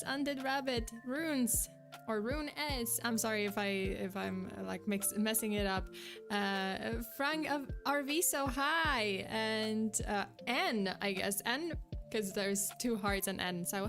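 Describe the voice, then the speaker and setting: A tired woman streamer in casual livestream chat, low-energy and chatty, greeting viewers by name and laughing often, getting a little out of breath. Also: fairly bright tone.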